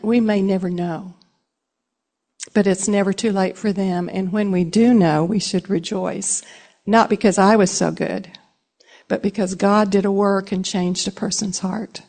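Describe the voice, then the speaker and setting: A woman's voice: mid-range voice, darkish tone. A woman delivering a sermon, telling personal stories earnestly and speaking directly to her listeners. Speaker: speaker sharing a testimony.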